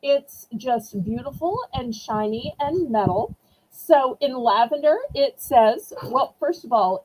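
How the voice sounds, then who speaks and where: Southern-accented woman, live-stream auction host, high and very animated, bubbly and chatty with viewers. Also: slight background noise, poor audio. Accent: Southern American. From Southern United States. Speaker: online auction seller.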